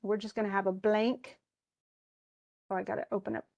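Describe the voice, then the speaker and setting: A woman's voice: medium pitch, little pitch movement, normal speed, gravelly, darkish tone, lo-fi sound. A woman teaching a live online class, chatty, explaining with asides and voicing what students might think, on a computer mic.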